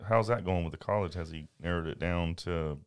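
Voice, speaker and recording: A middle-aged man with a very deep, low voice, chatting casually. He tells stories with animation and laughs often along the way. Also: a little fast, smooth. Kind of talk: casual chat.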